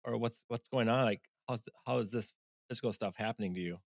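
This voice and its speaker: A man's voice: on the low side, fast talker, vocal fry, no room sound. Man hosting a podcast, dry sound. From Minnesota. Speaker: podcast host. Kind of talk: casual interview.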